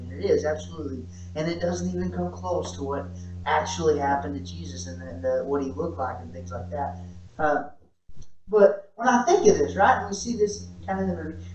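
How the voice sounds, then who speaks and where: A male pastor preaching a conversational sermon to a small church audience, often checking in with "right?" and asking rhetorical questions. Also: sits high. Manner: casual, repeats "right?", asks rhetorical questions. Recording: roomy, distant, dull-sounding church recording.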